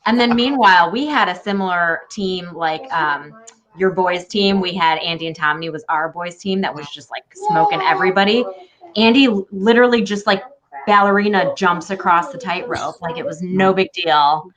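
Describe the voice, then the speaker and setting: A woman guest chatting casually and telling lively anecdotes from her time on a competition show. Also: lowish voice, moderate pace, a crowd in the background. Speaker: guest, former contestant. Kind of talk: casual chat.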